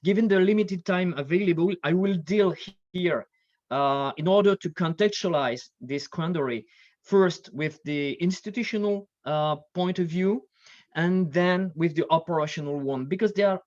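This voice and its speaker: A man, presenting at a defense conference panel in a measured, hesitant way with many fillers. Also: fairly high pitch, darkish tone, dry recording. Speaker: panelist, lecturer in political science. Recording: dry, dull lo-fi video call audio.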